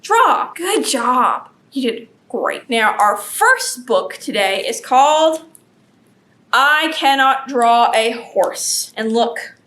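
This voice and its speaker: Animated woman reading to children. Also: high voice, slow. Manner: animated, gasps, exaggerated for kids. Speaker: children's librarian. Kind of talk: children's storytime.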